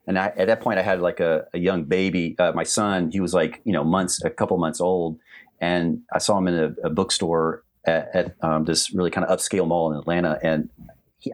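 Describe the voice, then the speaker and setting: Middle-aged male storyteller, very deep voice, loose and rambling, lots of restarts. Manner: rambling, many restarts and fillers. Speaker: animator guest telling stories. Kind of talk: casual storytelling on a livestream.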